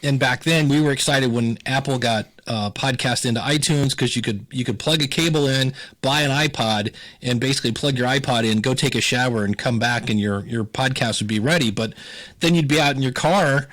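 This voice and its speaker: A man's voice: medium pitch, fairly quick. A man from Ohio, a podcast consultant, telling stories in a casual interview and acting out what people said. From Ohio, USA. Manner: animated storyteller, acts out quoted voices.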